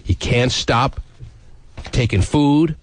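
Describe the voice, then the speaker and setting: A man hosting a morning radio talk show, teasing his guests and reading out listener texts in a wisecracking, animated way. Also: mid-range voice, slow pace, slight background noise.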